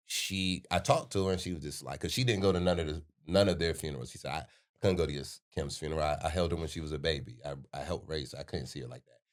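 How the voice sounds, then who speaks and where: Deep-voiced man in reflective talk. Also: fast talker. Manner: reflective, lots of agreeing backchannels. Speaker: podcast co-host. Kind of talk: casual chat.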